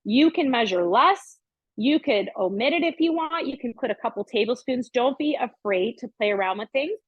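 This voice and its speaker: Animated and a bit husky, a middle-aged woman's slightly high voice moves at a moderate pace as she hosts a casual cooking demonstration from her home kitchen. She chats upbeat throughout, and the lo-fi recording is dry and dull with no room sound.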